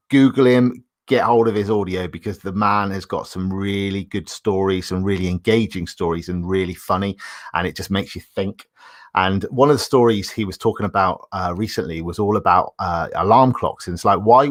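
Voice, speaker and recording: A man's voice: fairly low pitch, no room sound. A man hosting a live solo podcast, chatting in an upbeat way and laughing often. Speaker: podcast host.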